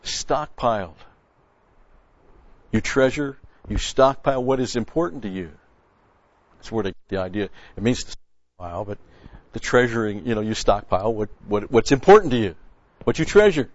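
A man's voice: on the low side, lively intonation, moderate pace, long pauses, no room sound, highs cut off. A man preaching a conversational sermon, folksy and blunt, quoting scripture and restarting his sentences often.

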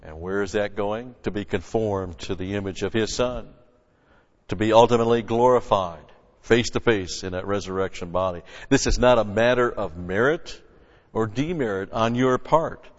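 Male pastor, low voice, emphatic teaching sermon, dull recording with long church-hall reverb. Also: normal speed. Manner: emphatic, swings between loud stresses and quiet asides. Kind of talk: expository sermon.

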